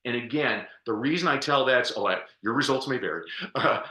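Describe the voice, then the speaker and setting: A man telling stories as a guest on a business podcast, energetic and chatty, laughing often. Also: medium pitch, a little fast, echoey room. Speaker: podcast guest, speaker and coach. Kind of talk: storytelling interview answer.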